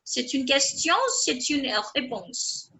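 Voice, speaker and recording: A woman's voice: high-pitched, slow pace, sharp tone, poor audio. A woman teaching French in an online lesson. She repeats her example sentences and often checks that her students are following.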